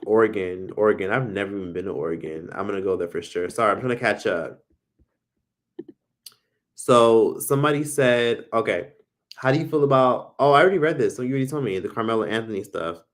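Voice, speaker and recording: A man's voice: lowish voice, brisk. A man hosting a live stream, chatting casually, swearing freely and reading viewer comments aloud.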